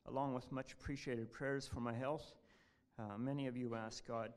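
A man giving a devotional talk at church, reading a passage aloud in an earnest, halting way. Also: mid-range voice, steady tone, smooth.

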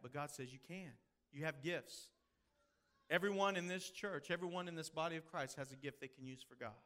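A man's voice: a little high, normal speed, a bit bright. A man preaching a sermon in a conversational way, asking the congregation questions. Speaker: pastor.

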